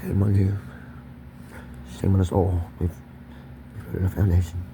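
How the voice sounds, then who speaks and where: A Kentucky vlogger rants alone to camera, erratic and confrontational, swearing and repeating himself. His low-pitched voice is flat, at normal speed, with vocal fry and background noise.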